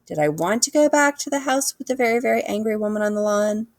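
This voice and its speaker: Gravelly-voiced woman reading a children's book. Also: a little high, fast talker, no echo. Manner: lively, animated storytelling. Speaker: reader.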